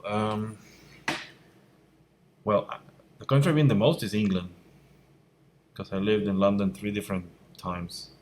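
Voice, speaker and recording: A middle-aged man from Venezuela with a low voice answers viewer questions in a casual Q&A, speaking as a visual effects instructor. He is candid and blunt and often gets worked up and emphatic. A faint hiss sits under his voice, recorded on a fixed mic at home at night. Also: fairly even intonation, unhurried, pauses often, darkish tone. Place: room at home at night by a window. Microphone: fixed mic, voice fades when he turns away.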